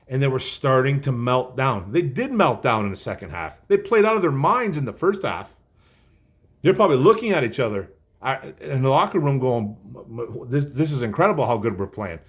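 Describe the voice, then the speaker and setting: Man, sports podcast host, blunt, fired-up, repeats himself, casual monologue. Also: mid-range voice.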